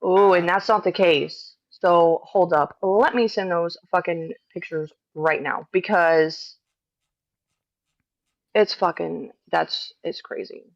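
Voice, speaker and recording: A woman's voice: fairly low pitch, steady tone, takes it slowly, vocal fry, no room sound. A woman on a livestream, exasperated, swearing often and restarting her sentences as she answers accusations. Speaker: streamer responding to accusations. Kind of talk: livestream chat. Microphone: cheap microphone. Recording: dull lo-fi mic.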